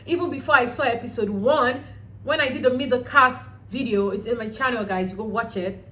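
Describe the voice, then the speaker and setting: Animated woman chatting through a recap. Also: high-pitched, brisk, poor audio. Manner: animated, chatty, blunt with casual swearing. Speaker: host of a reality show recap channel. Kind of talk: casual recap commentary.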